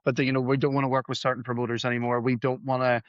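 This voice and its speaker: As a podcast guest, this musician and gig promoter rattles off his stories very fast in a mid-range voice with little pitch movement. His casual tales are rambling and self-deprecating, and he acts out the words of people he quotes. The recording is dry and a little dull, with no room sound at all.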